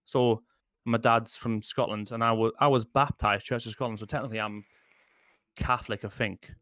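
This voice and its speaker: A man's voice: mid-range voice, steady tone, moderate pace, fairly bright tone, no echo. Guy chatting on a podcast, blunt, keeps restarting sentences, dry mic. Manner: rambling, restarts, blunt and jokey. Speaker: podcast co-host. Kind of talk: casual chat over whiskey.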